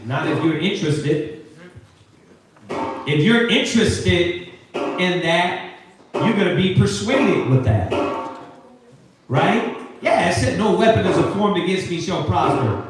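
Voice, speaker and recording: A man teaching a Sabbath scripture class, preaching in an animated, slangy way and firing questions at the group. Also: sits high, slow pace, pauses often, very echoey, distant mic, over music, rough recording. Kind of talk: call-and-response scripture teaching. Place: classroom or meeting hall with a live group.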